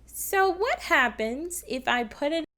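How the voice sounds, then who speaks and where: Her voice sits high and sounds sharp, animated and slow. She's teaching children about opera on a kids' TV show, patiently encouraging the young viewers at home through the music lesson.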